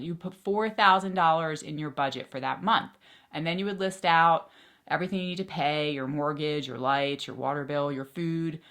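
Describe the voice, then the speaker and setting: A woman giving chatty, excitable budgeting advice straight to her viewers as a personal finance vlogger. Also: sits low. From Philadelphia area. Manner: chatty, excitable, quick asides. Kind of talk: casual talk to camera.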